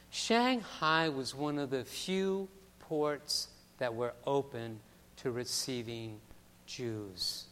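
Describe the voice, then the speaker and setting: A man preaching a sermon as pastor, telling a story that swings from hushed passages to loud, emphatic ones. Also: medium pitch, clean tone, big-room sound.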